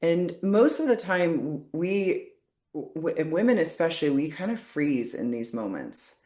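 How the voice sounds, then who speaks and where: A woman facilitating a guided body-work session, coaching calmly and often checking in with "okay?". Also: low voice, a little slow, roomy sound.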